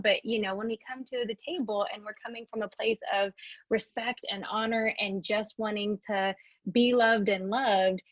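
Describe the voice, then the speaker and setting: Enthusiastic higher-voiced woman podcast host. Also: no room sound. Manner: enthusiastic, affirming, speaks with many fillers like "like" and "right". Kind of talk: casual conversational interview. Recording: dull, lo-fi sound.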